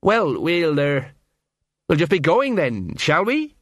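A man's voice: on the high side, wildly swooping pitch, slow pace, no echo, studio quality, pitched above the performer's own voice, exaggerated voice. A man doing a blustering watch sergeant. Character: blustering middle-aged male watch sergeant.

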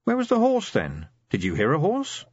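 A man voicing a delirious, battered male watchman who wails his lines in a husky, childlike sing-song, slightly muffled. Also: on the high side, huge pitch swings, moderate pace, dry recording, pitched above the performer's own voice, heavily acted. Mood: demanding. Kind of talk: audiobook character voice.

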